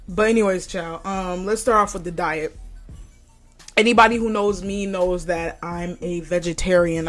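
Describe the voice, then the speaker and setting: A woman's voice: mid-range voice, fairly bright tone. Blunt, profane young woman podcaster. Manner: blunt and profane, laughs often. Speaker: podcast host. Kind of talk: casual solo podcast monologue.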